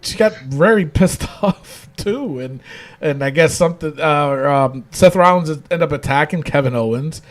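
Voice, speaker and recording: A man's voice: fairly high pitch, unhurried. A man hosting a casual wrestling podcast, rambling with lots of fillers and restarts. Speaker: podcast host.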